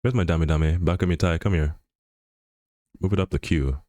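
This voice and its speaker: Sitting low at a moderate pace, this man's darkish voice comes through at studio quality without echo. He's casually chatting on a live stream, joking, wandering, restarting, using lots of fillers, and laughing frequently as he goes.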